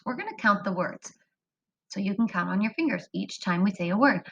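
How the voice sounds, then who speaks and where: A woman teaching a phonics lesson to young children, slow and sing-song, drawing words out. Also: medium pitch, animated, creaky, dull audio, slight background noise. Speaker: kindergarten teacher.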